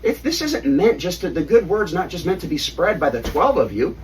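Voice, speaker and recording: Guy doing a stern exasperated teacher, pitched up, kinda far from the mic. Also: very animated, moderate pace, a little hiss or hum. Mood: firm. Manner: incredulous, scolding. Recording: distant mic, faint room ambience.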